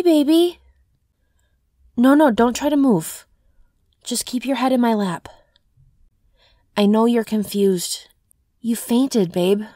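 A soft-spoken, tender girlfriend, played by a young woman in an audio role-play, easing her partner along in a slow, unhurried way. The sound is close and dry, with no room around it. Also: on the high side, no room sound.

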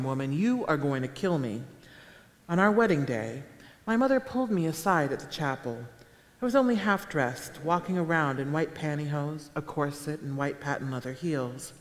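A woman author reading her own fiction aloud at a public event, with a measured, deadpan delivery. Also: deep voice. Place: town hall auditorium with a live audience. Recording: echoey live hall sound.

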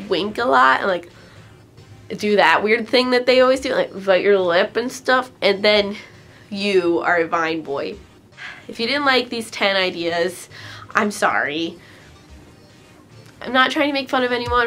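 A young woman talks through her vlog in a loose, giggly way, dropping "like" and "um" everywhere. Her voice sits in a middle pitch, with faint music underneath. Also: fairly bright tone. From United States. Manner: chatty, giggly, full of "like" and "um". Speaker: vlogger. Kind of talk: casual vlog chat.

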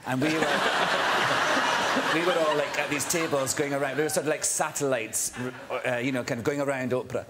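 A middle-aged man with a Scottish accent, a chat show guest telling a lively anecdote and acting out other people's voices. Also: mid-range voice, normal speed. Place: TV studio with live audience. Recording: studio audience laughter and noise.

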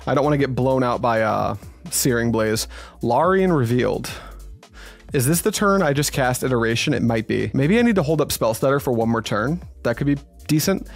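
A man at an ordinary middle pitch talks through his card game as he plays, musing over each move and pleading with his opponent. He grumbles and swears when a draw goes badly. Soft music plays faintly behind him. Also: expressive, moderate pace, creaky. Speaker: card game video commentator. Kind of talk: casual live gameplay commentary.

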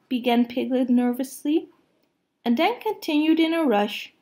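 Gentle storybook reader, woman, slightly high, slow. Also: lively intonation. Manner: gentle, unhurried. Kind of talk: children's storybook read-aloud.

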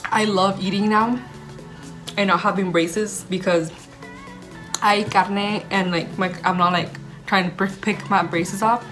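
Young woman, bubbly and gushing, casual home vlog, clear music playing behind. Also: mid-range voice, fairly even intonation, a little slow, fairly bright tone. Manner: bubbly, gushing, mixes in Spanish words while eating. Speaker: vlogger. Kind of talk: casual chatty food-tasting vlog. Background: background music.

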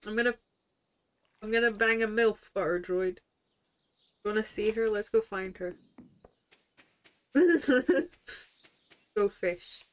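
A woman's voice: medium pitch, slow, pauses often. A young woman streaming a video game live, giggling, swearing freely and chattering to herself as she plays.

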